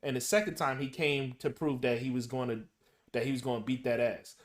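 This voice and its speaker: A man hosting a podcast in casual chat, halting and restarting as he builds his questions. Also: medium pitch, steady tone. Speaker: podcast host.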